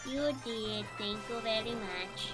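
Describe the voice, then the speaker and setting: A woman's voice: a little high, takes it slowly, over loud music. A tired woman chatting on a call with a game streamer, laid-back and giggly. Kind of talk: casual call chat.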